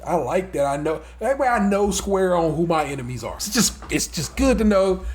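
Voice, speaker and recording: A man on a podcast, voice sitting a little high, rattling off loose, swearing commentary. He swings into animated, mocking bits as he talks. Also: a little fast, few pauses. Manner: animated, profane storytelling with mocking impressions. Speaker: podcast co-host. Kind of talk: casual podcast chat.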